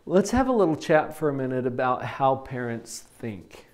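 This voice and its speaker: A man giving a motivational talk to teenagers as a parenting coach, animated and full of rhetorical questions. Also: medium pitch, moderate pace.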